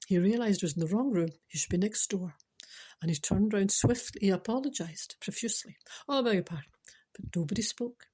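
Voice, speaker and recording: A woman's voice: medium pitch, dark tone, husky. A Scottish woman hosting a podcast, telling funny everyday stories in a chatty way and often laughing at her own tales. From Scotland. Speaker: podcast host. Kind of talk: chatty comic storytelling monologue.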